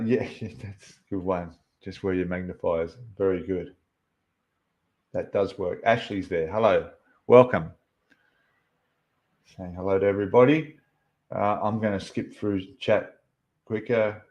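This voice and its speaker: Low-voiced man chatting on a livestream. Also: darkish tone, lo-fi sound. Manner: reads out chat names and greets viewers, chatty and friendly; frequent ums and mid-word restarts. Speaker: livestream host. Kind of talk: casual livestream chat.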